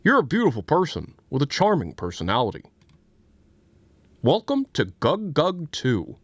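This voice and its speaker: A man voicing a soda company spokesman who rambles with many pauses and fillers. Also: on the high side, huge pitch swings, no echo, full character voice. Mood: smug. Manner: halting, full of "uh, you know". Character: smug fizzy-drink company spokesman.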